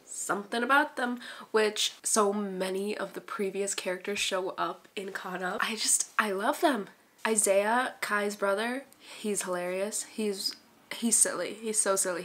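A woman's voice: medium pitch, a bit bright. A young woman chatting casually on a book vlog, gushing and giggly as she talks. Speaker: book vlogger.

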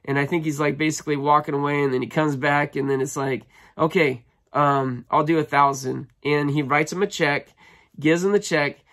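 A man's voice: on the high side, fairly even intonation, fairly quick, a bit bright. A man vlogging casually, telling a long story with many ums and restarts, then touring a storage unit he bought. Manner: chatty, rambling, frequent ums and restarts. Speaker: storage locker buyer and vlogger.

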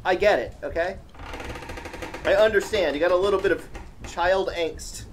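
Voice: medium pitch, moderate pace, pauses often, background noise. A let's play host giving casual, joking gaming commentary, chatting with viewers and teasing the game's characters.

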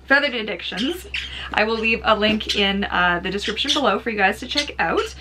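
A woman's voice: medium pitch, moderate pace, crowd noise. A woman hosting a casual pet-bird unboxing vlog, chatty and giggly, with many fillers. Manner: chatty, giggly, talks baby talk to her bird. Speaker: vlogger.

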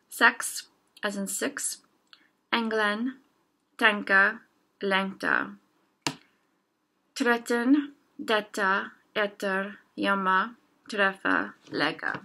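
A young woman teaching a casual language lesson, slowly sounding out example words one at a time. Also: medium pitch, gravelly, pushed and bright.

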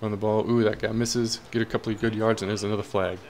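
A man's voice: lowish voice, level tone, fast, darkish tone, slight background noise. A young man casually commentating his own football video game, cheering and groaning at the plays. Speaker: gaming commentator.

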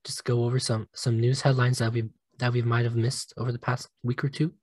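Young dude doing a solo sports podcast, mid pitch, dry close sound, gets emotional, swears, laughs at himself. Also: male voice, flat delivery, a little fast, darkish tone, husky, no echo. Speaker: podcast host.

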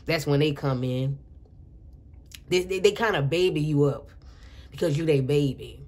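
A woman giving a casual intuitive tarot reading, rambling and chatty with frequent restarts, soft and earnest, drawing out key words. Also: sits low, normal speed. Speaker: tarot reader.

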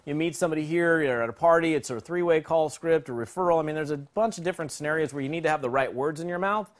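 Energetic man coaching a sales script. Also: a little high, quick pace. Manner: energetic, conversational, acts out both sides of calls. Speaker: sales trainer. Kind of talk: teaching a sales phone script.

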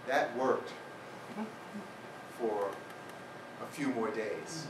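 A man with a fairly high voice tells a humorous personal story to an audience in a lecture hall. He is picked up from a distance, so his voice sounds roomy and echoey. There is a noisy background under his voice. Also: animated, unhurried. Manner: humorous, anecdotal, with wry asides. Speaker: guest speaker. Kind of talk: storytelling public talk.

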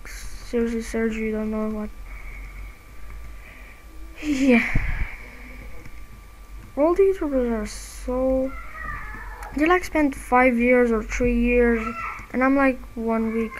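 A woman giving casual, excitable commentary while playing a game, quick to get frustrated and quick to apologize. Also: fairly high pitch, a little hiss or hum, poor audio. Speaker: gamer and channel host.

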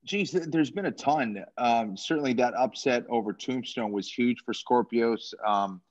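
A man's voice: medium pitch, no room sound. A man in a casual chat, a commentator who halts and restarts his sentences and fills the gaps with ums. His voice comes through a dull, lo-fi, dry remote mic. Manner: halting, many restarts and fillers. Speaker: sports commentator.

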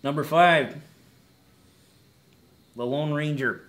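A man's voice: a little high, takes it slowly, fairly bright tone. A man co-hosting a casual top ten list show, rambling with wry asides and self-corrections. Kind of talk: casual joking commentary.

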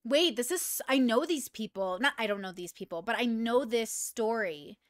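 A woman hosting casual reaction commentary, thinking aloud in an animated, swearing way. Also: fairly high pitch, no echo, studio quality. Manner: animated, swearing, thinking aloud, pausing to clear her throat. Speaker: commentary host reacting to a video.

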